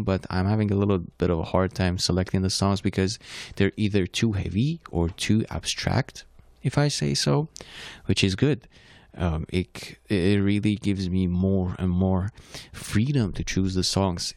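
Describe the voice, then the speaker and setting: A young man with a Persian accent talks casually and in a rambling way, stopping to correct himself as he introduces music. His voice sits fairly low. The sound is dry and close, with no room around it. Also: darkish tone, no room sound. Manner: rambling, self-correcting, conversational. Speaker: playlist host. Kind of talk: casual solo talk.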